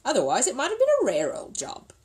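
A woman's voice: fairly high pitch, wildly swooping pitch, quick pace, a little mellow, husky, pitched above the performer's own voice, exaggerated voice. A woman voicing a cheerful, chatty tradesman with a hearty, folksy manner. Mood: confident. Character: cheerful working man, a sweep, confident and chatty.

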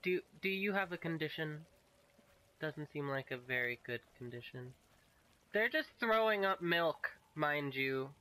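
A man's voice: on the high side, expressive, unhurried, pushed and bright. A man giving casual, playful commentary while playing a game and chatting to the creatures on screen. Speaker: gaming video host.

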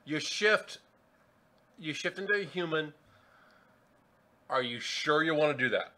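A man narrating as game master in a tabletop game, telling the story in an animated way. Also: fairly high pitch, measured pace.

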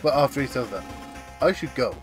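A man's voice: medium pitch, expressive, a little fast, over music. A man joking and bantering in a casual chat while playing a video game on stream. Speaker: let's play co-commentator. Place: home streaming setup. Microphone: streaming microphone.

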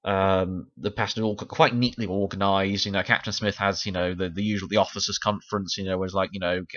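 A man's voice: low-pitched, little pitch movement, fast talker, fairly bright tone, dull audio. A man chatting casually about a TV miniseries, laughing often and restarting his sentences. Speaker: video essayist. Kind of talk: casual chat review.

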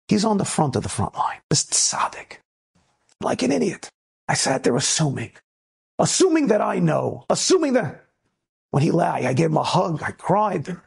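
A man from the United States gives an inspirational talk as a rabbi. His voice is gravelly and a little husky. He tells his stories in lively low asides and then presses his point in emphatic preaching. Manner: animated storyteller, swings between low asides and emphatic preaching.

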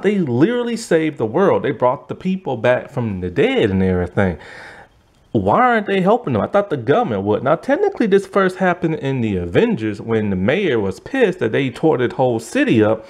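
A man giving a casual, rambling review monologue with lots of fillers and frequent laughs, sounding tired. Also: fairly high pitch. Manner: rambling, animated, laughs often, many fillers. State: yawning, tired. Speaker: movie and TV reviewer.

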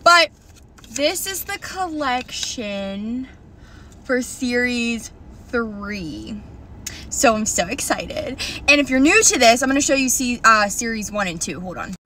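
Young woman vlogger, higher voice, bursts into excited squeals, cusses casually. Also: measured pace, slight background noise. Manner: excitable, swears a lot, squeals and shrieks. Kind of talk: casual vlog chat. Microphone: phone camera.

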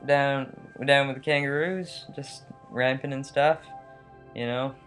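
A man putting on an Australian accent to play a jokey, breezy bloke, a little higher and louder than his usual voice. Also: steady tone, unhurried, soft background music, lightly acted. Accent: put-on Australian.

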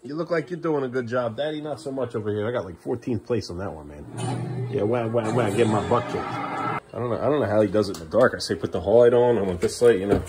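A man's voice: on the low side, fast talker, darkish tone, soft background music. A man filming a casual family vlog at home, talking patiently and playfully to his young sons and coaxing them along. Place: at home, indoors. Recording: home video with clear background noise.

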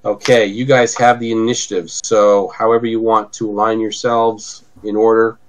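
A man's voice: lowish voice, flat delivery, normal speed, slight background noise, low-quality recording. A man acting as game master of a tabletop game, narrating in an easygoing way and thinking aloud as he goes.

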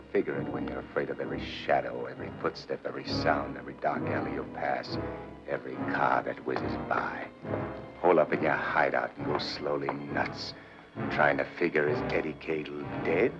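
A hard-bitten gangster speaks in a very deep voice with sardonic, slangy menace. The muffled sound of a 1940s film soundtrack carries him, with the score clearly playing beneath. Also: male voice. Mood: menacing. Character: tough, cocky middle-aged male gangster back from the dead.

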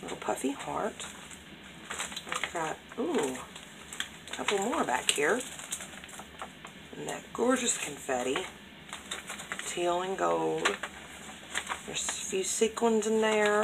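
A woman with a medium-pitched, gravelly voice takes it slowly, leaving long pauses, while heavy background noise fills the recording. She's a craft vlogger opening happy mail, chatting casually to camera and gushing excitedly over every piece, repeating her words of praise.

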